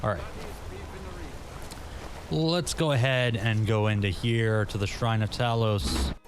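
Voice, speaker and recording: A man's voice: on the low side, takes it slowly, a little hiss or hum. A man giving casual gameplay commentary, chatty and self-mocking, talking to himself as he plays. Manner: chatty, self-mocking, laughs at his own misreads. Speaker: gaming channel host.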